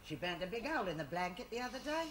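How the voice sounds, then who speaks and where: A woman's voice: medium pitch, big pitch swings, very fast, close to an everyday voice. An actress playing a fussy, rambling older mother in a 1970s studio sitcom. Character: fussy, dotty London mother. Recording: hissy old TV soundtrack.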